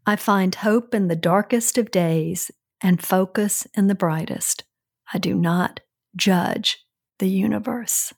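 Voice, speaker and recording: An older woman co-hosting a podcast in casual chat, calm and reassuring. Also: medium pitch, slow pace, vocal fry, husky, dry recording, clean studio sound. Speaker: co-host, host's mother.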